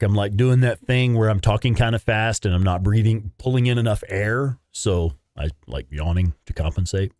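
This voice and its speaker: A man's voice: on the low side, lively intonation, moderate pace, few pauses, darkish tone, dry recording, clean studio sound. A young man, chatting casually with viewers while livestreaming a game and swearing now and then. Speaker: livestream gamer.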